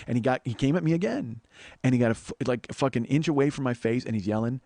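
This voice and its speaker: A man telling a profane, animated story on a comedy podcast, acting out what other people said. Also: mid-range voice, very fast, no echo. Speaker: comedian host.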